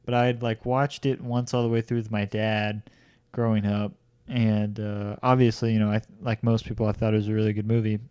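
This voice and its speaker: A man's voice: fairly low pitch, little pitch movement, a little fast, darkish tone, clear, resonant tone, no echo. A man co-hosting a casual podcast chat at home, talking loosely with lots of fillers and jokes. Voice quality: chatty, jokey, lots of fillers. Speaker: podcast co-host.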